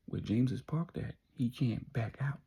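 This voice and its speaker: A man telling a story casually, in a slangy, conversational way with dramatic pauses. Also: medium pitch, warm tone, slightly rough.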